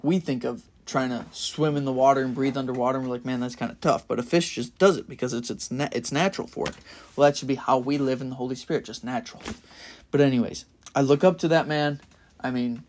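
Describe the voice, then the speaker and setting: An earnest young man preaches in a casual, conversational way, talking through a passage for his podcast. His voice sits at an ordinary middle pitch and swells with enthusiasm at the high points. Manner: earnest and enthusiastic, rising to loud bursts of excitement. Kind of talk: casual Bible-study sermon.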